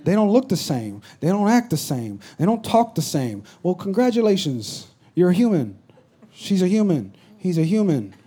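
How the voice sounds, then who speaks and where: A man preaching a sermon to his congregation, dropping to near-whispers and then rising to shouts, with call-and-response asides. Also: high voice, big pitch swings, normal speed, slightly rough. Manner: swings between hushed near-whispers and loud shouts. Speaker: pastor. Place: church stage with a live congregation.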